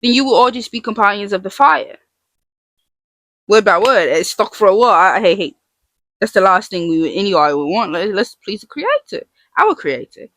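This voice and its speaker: A woman's voice: mid-range voice, very animated, moderate pace, fairly bright tone, no echo. A woman giving a casual faith talk to her viewers, earnest and emphatic, repeating her phrases and putting rhetorical questions to the listener. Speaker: vlogger teaching about the names of God.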